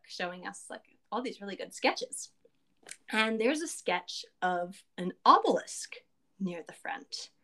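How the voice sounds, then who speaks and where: Chatty woman player recapping a game session, mid-pitched, lots of "like" and asides. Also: a bit bright. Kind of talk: casual recap of a tabletop game.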